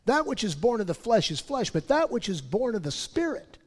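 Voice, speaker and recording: A man preaching who quotes Jesus in a hushed, breathy whisper. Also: high-pitched, sing-song, a little fast, pitched above the performer's own voice. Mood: gentle. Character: Jesus, calm grown man, teaching gently. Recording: long hall reverb.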